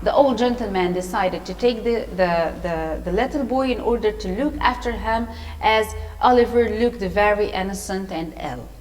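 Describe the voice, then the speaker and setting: A woman's voice: mid-range voice, moderate pace, a little mellow. A woman teacher reading a story aloud, explaining words and patiently asking pupils questions. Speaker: English teacher. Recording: long hall reverb.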